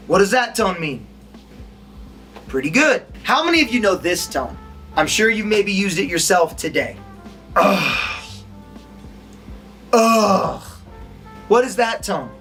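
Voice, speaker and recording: Animated male acting instructor. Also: sits high. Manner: animated, demonstrates tones and quizzes listeners. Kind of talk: recorded lesson to an audience.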